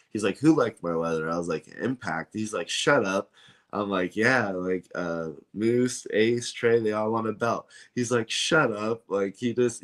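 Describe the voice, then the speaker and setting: A man, a guest on an interview show, telling a story in a casual, rambling way with many fillers and acted-out dialogue. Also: low-pitched. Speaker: belt maker, guest.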